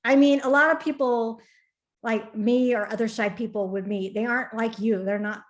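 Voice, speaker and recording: A woman with a high voice hosts a relaxed conversation with a friend. She asks curious questions, laughs easily and tells her stories vividly. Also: moderate pace. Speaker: host. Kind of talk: casual interview chat.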